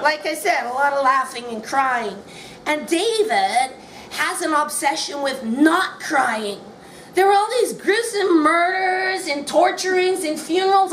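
A woman reads her memoir aloud at a bookshop event, telling it in a wry, amused way. Her voice sits high. The room around her is echoey, with faint background noise. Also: a bit bright. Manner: wry, amused, often laughing between lines. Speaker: author reading her book. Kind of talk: memoir reading at a live event.

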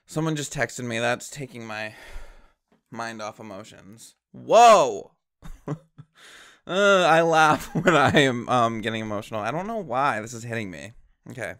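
A man hosting a reaction video, talking in a gushing, excitable and emotional way. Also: medium pitch, a little slow. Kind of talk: casual reaction commentary. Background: faint music.

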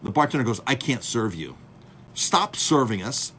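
A chef telling a story to his viewers in a casual, animated way, acting out the dialogue and calling his audience "folks". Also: medium pitch, moderate pace, slight background noise. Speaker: chef and speaker.

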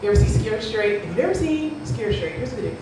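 A woman's voice: on the high side, sing-song, fast talker, noisy background. Brash woman doing echoey stand-up. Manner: brash, crude storytelling with acted-out voices. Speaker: stand-up comedian. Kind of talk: stand-up comedy set. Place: comedy club stage with audience laughing. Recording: echoey distant live club recording.

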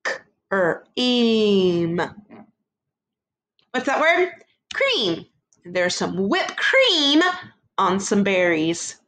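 A woman teaching a first grade phonics lesson to young children, sounding out words slowly in a sing-song teacher voice. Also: medium pitch, wildly swooping pitch, a bit bright.

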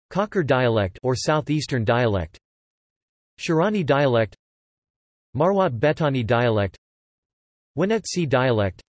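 A man's text-to-speech voice reading an encyclopedia article in an even, mechanical way. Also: medium pitch, no echo. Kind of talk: synthetic encyclopedia narration.

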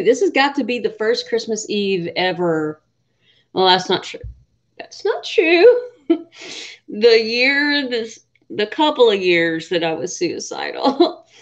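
Swearing, chatty woman on a livestream. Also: fairly high pitch. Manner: chatty, swears freely, laughs often. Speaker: livestream host. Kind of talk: casual live chat with viewers. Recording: dull lo-fi livestream audio.

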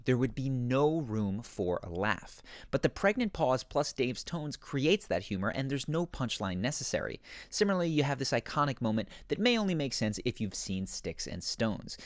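A man hosting and narrating an explanatory video in scripted narration, with an animated, explanatory manner. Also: medium pitch, normal speed, few pauses, dry recording. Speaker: host.

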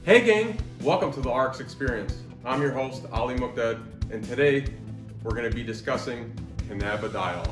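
A man's voice: mid-range voice, expressive, moderate pace, music in the background. Joking male podcast host, echoey. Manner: joking, swearing, rambling explainer. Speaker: podcast host, pharmacy doctor. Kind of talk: comic educational podcast. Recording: roomy echo.

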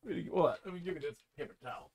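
A man streams a video game from home, chatting in a giggly, rambling live-stream style and telling stories with animation. His husky voice is fairly high-pitched and racing.

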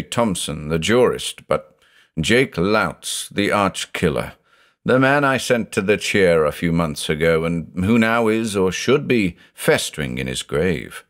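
A man's voice: on the low side, a bit bright. A man voicing a tormented older male judge who is brooding and anguished and says he is haunted by thoughts of murder.

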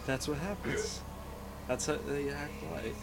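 A man's voice: a little high, measured pace, gravelly, over loud music. A young man watching a friend play, teasing him, swearing casually and giving bossy instructions. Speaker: co-commentator. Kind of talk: casual gameplay commentary. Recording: noisy home recording.

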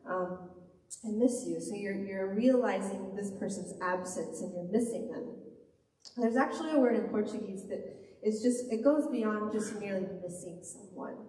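A woman's voice: mid-range voice, normal speed, warm tone, far from the mic. Woman preaching in an echoey church hall. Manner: earnest, heartfelt preaching with repeated phrases. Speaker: pastor. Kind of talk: sermon. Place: church sanctuary.

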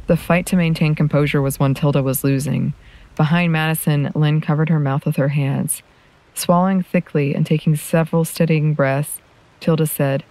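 A woman narrating a piece of fiction in a steady, measured storytelling voice. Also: low voice, dry recording, low-quality recording. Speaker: podcast host reading fiction. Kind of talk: audiobook narration.

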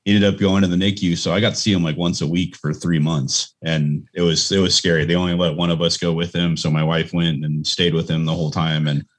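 A low-voiced man speaks plainly and matter-of-factly as a podcast co-host. His deep voice keeps an even, relaxed chatting tone. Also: fairly quick, few pauses. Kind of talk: casual podcast chat.

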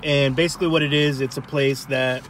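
Man food vlogger, chatty, talks to viewers, traffic noise behind, mid pitch. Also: steady tone, fairly quick, a bit bright. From Rhode Island. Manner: chatty, addresses viewers as guys. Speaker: food vlog host. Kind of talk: casual chat over a meal.

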